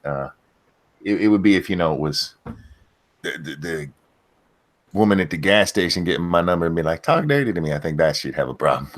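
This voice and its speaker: A man's voice: deep voice, a bit bright. A man co-hosting a casual live-streamed chat, tired and just woken up, trading drowsy joking banter. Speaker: podcast co-host.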